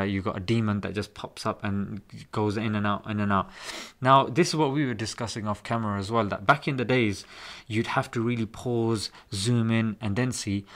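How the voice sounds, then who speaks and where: A man, chatting on a podcast and explaining things with animated emphasis. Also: lowish voice. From England. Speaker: podcast guest. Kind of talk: casual podcast chat.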